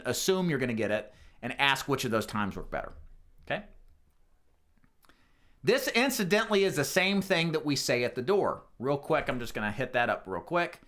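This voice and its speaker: A man's voice: mid-range voice, pushed and bright. A man teaching a sales phone script, explaining each step and acting out the sample lines he would say to a customer. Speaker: insurance sales trainer. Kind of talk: sales training walkthrough.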